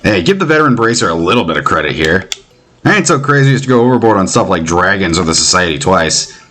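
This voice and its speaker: A tough, blunt veteran fighter, voiced by a man, low and gruff. He speaks in short, plain lines. The voice drops well below the performer's own. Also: very animated, fast, bright, forceful tone, slight background noise, heavily acted. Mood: reassuring.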